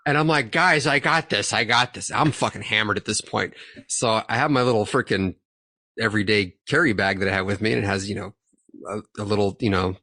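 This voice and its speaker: A man's voice: lowish voice, fairly quick, bright, forceful tone, no room sound, studio quality. Profane laughing storyteller, a young man. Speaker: podcast host. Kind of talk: casual chat.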